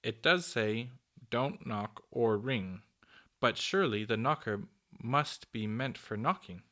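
A man's voice: mid-range voice, expressive, slow, fairly bright tone. A man voicing an earnest, curious young girl in a storybook reading.

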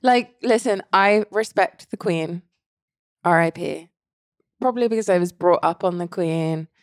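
A woman's voice: lowish voice, a little slow, no echo. A young English woman co-hosting a podcast, chatting casually with playful, dry asides. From England. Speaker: podcast co-host. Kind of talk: casual chat.

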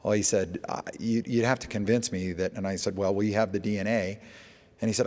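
A man's voice: lowish voice, steady tone, a little fast, a little mellow. A man, a TV show producer, giving a storytelling presentation to an audience and acting out phone calls in quoted dialogue. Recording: echoey hall with long reverb.

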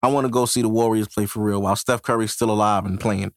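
A man's voice: fairly low pitch, steady tone, fast, no echo. Profane, slangy male podcast host, dry sound. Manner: loose, profane street slang with frequent laughs. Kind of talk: casual solo podcast rant. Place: home podcast setup in New York.

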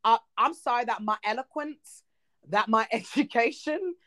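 A woman in her thirties chatting casually on a talk show, animated and expressive, with quick asides. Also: on the high side, no room sound, clean studio sound. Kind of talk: casual chat.

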